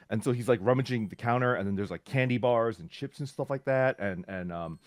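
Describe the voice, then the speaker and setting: A man's voice: medium pitch, expressive, fast talker, few pauses, no echo, clean studio sound. Rambling man telling camp stories. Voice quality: rambling, full of "like" and restarts. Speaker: streamer. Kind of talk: casual storytelling. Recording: faint music underneath.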